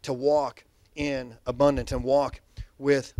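A man's voice: medium pitch, flat delivery, takes it slowly, a little mellow, no room sound. A pastor preaching a sermon to his church, leading call-and-response with the congregation. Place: church sanctuary.

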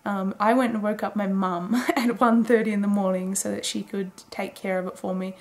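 A woman's voice: mid-range voice, fairly even intonation, moderate pace, darkish tone. A woman in her twenties rambling casually through a late-night video diary, chatty and full of fillers. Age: 20s. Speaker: daily vlogger.

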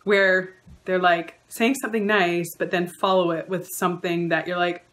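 A woman's voice: on the low side, fairly even intonation, moderate pace, a bit bright. A woman counsellor giving an earnest advice talk, stringing together lists of repeated phrases. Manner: acts out quoted remarks in shifted voices.

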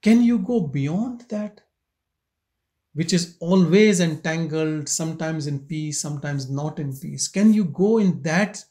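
A man leading a spiritual satsang, speaking slowly and contemplatively, asking questions and leaving long pauses. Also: on the high side, warm tone. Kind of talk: slow contemplative spiritual talk. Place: meditation centre hall.

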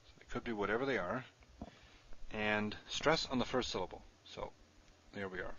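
A man's voice: on the low side, normal speed, sharp tone, muffled recording, a little hiss or hum. A man teaching a recorded Hebrew grammar lesson, explaining step by step as he writes on the screen.

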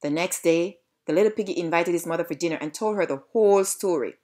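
A woman's voice: lowish voice, quick pace. A woman with a Jamaican accent reading a storybook aloud. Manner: lively read-aloud narration.

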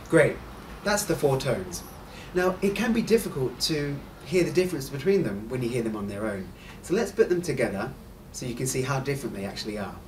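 A man hosts a scripted language lesson in a mid-pitched voice that rises and falls with plenty of movement. He explains clearly and encourages the listener to repeat. He sits a little back from the microphone, with faint noise underneath. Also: very animated, darkish tone, far from the mic. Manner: clear, encouraging, models sounds slowly. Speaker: host and Mandarin teacher.

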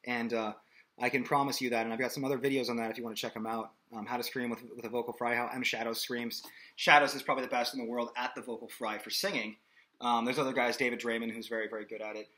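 A man's voice: medium pitch, level tone, quick pace, pushed and bright. A man teaching a singing lesson in a casual, explanatory way, often checking in with "okay?". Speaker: vocal coach. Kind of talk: singing lesson with sung demonstrations.

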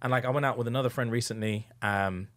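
A young man guesting on a podcast, easygoing, telling quick anecdotes and acting out what friends said. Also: mid-range voice, fairly even intonation, fairly bright tone, no room sound. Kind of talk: casual chat, storytelling.

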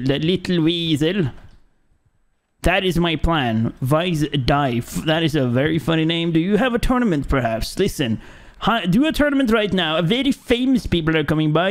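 A man, not an English speaker, commenting on his own gameplay, taunting enemies playfully and yelling out in fights. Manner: playful trash talk at enemies; bursts into high shouts during fights. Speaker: gaming YouTuber. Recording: game music playing behind.

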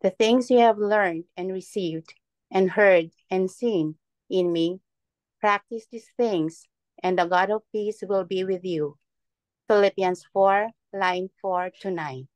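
A woman's voice: medium pitch, slow, darkish tone, dry recording. Woman reading scripture aloud. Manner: careful, earnest reading. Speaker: class member reading scripture.

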